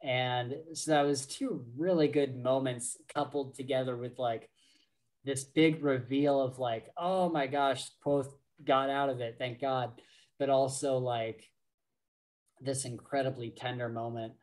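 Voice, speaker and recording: A man co-hosting a podcast, slowly and casually retelling book scenes with lots of fillers and restarts. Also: mid-range voice, fairly even intonation, a little mellow. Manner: slow, rambling retelling full of fillers. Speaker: podcast co-host.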